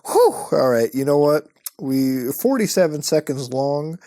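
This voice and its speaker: A man hosting an online video, giving excitable, profane commentary while browsing websites and laughing often. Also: on the high side, unhurried.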